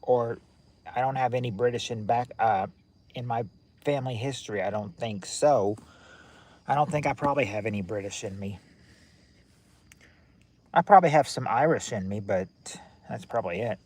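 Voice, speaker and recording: This American host, medium-pitched and a little mellow, talks at a moderate pace with long pauses. He's at home indoors at night with lights on, casually chatting with live viewers in a rambling way, restarting frequently.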